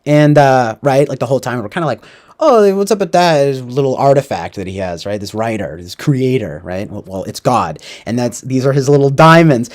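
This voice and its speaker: A man's voice: mid-range voice, brisk, hardly any pauses. A man hosting a casual livestream, rambling and profane, tagging his thoughts with "like" and "right?". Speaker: livestream host. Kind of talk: casual livestream movie talk.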